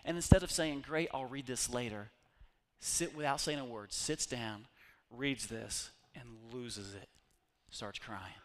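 A middle-aged man preaching a sermon, telling stories and swinging between loud calls and hushed retelling. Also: mid-range voice, a little slow. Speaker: pastor.

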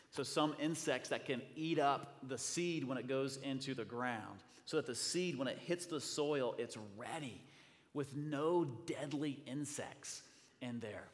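A man preaching a sermon as pastor, speaking conversationally and building to fervent preaching. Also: medium pitch. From US Midwest. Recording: long hall reverb.

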